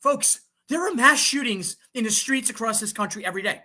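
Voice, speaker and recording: A man's voice: high-pitched, quick pace, pushed and bright. A man hosting a political talk show, fired up and emphatic, repeating phrases and restarting his sentences. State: fired up on coffee.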